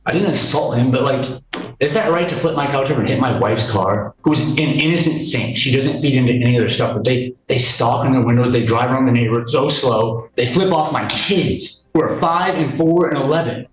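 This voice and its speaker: A man's voice: mid-range voice, fairly quick. A man testifying in a courtroom hearing, indignant and rambling, repeating himself as he tells his side. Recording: echoey courtroom mic, faint noise.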